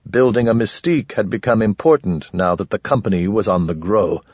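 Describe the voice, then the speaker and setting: A man reads a first-person story with measured, dry delivery. His voice is low and husky. The sound is dry, close and somewhat dull and lo-fi. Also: darkish tone, dry recording. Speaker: audiobook narrator. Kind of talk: scripted first-person narration.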